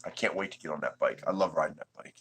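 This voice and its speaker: A man's voice: very deep voice, very fast, a bit bright, slightly rough. A man from the United States hosting a 3D printing livestream, chatting casually with his viewers and chuckling often.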